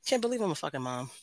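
A woman's voice: sits low, a bit bright, no echo. A woman and mother, a podcast guest, chatting casually, laughing often and swearing freely. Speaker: podcast guest, host of her own podcast. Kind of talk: casual chat.

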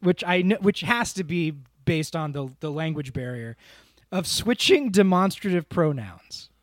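A man co-hosts a podcast with his brother, chatting casually about a film in a rambling, amused way and interrupting himself. His voice is fairly high with lively intonation and a measured pace. The recording is dry and studio quality.

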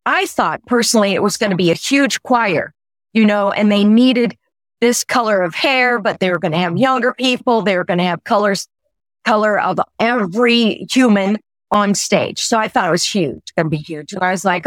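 A woman in her sixties from the United States, a podcast guest who is a little teary, telling her story in a lively, effusive way. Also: mid-range voice, moderate pace, no room sound. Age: 60s. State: teary, weepy. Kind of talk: conversational storytelling.

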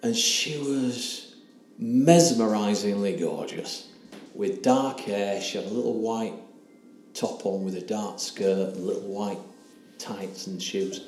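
A man in his sixties tells a deeply personal story, halting and earnest, slipping into quoted dialogue. His voice is mellow and dark, and it rings in a roomy space over a faint hiss. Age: 60s. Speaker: interview guest.

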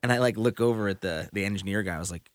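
A man's voice: lowish voice, rapid-fire, no room sound. A man, a touring musician, telling stories in casual conversation, rambling and full of fillers. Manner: rambling storyteller, many fillers.

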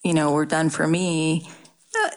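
A middle-aged woman talking candidly in an interview, halting often and restarting her sentences. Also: low voice, little pitch movement. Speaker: guest sharing her cancer story. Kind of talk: casual interview talk.

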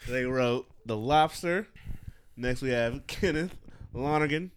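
A man's voice: mid-range voice, slow, a little hiss or hum. Laid-back man hosting a movie chat. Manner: laid-back, laughs often, reads nominee lists. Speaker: podcast host. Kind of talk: casual chat.

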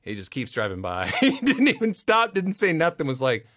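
A man's voice: fairly high pitch, wildly swooping pitch, moderate pace, fairly bright tone, no room sound. A man who works as a voice actor at a recording studio, telling rambling stories in a casual interview and slipping into playful quoted voices.

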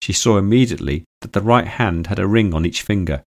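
A male audiobook narrator with a deep, low voice, reading in a steady and even way. The recording is close and dry, with no room sound. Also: fairly quick, dry recording. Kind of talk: audiobook storytelling.

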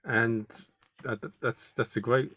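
A man hosting a casual podcast interview, asking questions in a relaxed way with fillers. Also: mid-range voice, a little slow. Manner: laid-back questioner with fillers. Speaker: podcast host.

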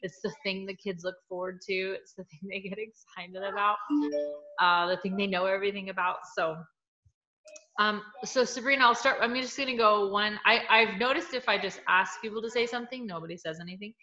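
Bright chatty woman hosting a call. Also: mid-range voice, steady tone, reverberant, soft background music. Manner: chatty, laughs often, quick asides. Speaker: podcast host. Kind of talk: casual group chat. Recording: dull lo-fi call audio with faint noise.

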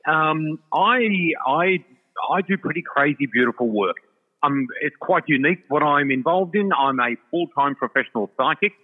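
A man's voice: a little high, animated, normal speed, husky. An older Australian man, a psychic guest, telling his story in an effusive, chatty way with many fillers. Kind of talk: casual storytelling chat. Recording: tinny phone-like line with long reverb.

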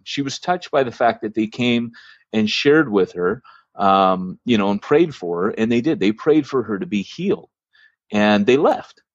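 A man's voice: medium pitch, animated, normal speed, no room sound, lo-fi sound. A man hosting a church planting podcast, telling a long story casually, with lots of fillers and restarts.

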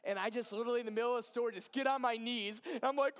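A man in his thirties, a pastor, telling an emotional personal story from the pulpit with lots of laughter and animated retelling. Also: very high-pitched, racing, hardly any pauses. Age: 30s. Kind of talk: sermon storytelling.

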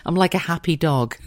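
A woman's voice: deep voice, noisy background. Chatty, swearing English woman podcaster. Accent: English, Cheshire. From England. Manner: chatty, swears freely, animated storytelling with put-on quoted voices. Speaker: podcast host. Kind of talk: solo podcast chat.

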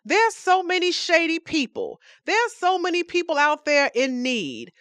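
A woman's voice: very high voice, big pitch swings, a little slow, a bit bright, dry recording, clean studio sound, voice pushed up, full character voice. A woman voicing an anguished, angry man who pleads with God in an exasperated, pleading way.

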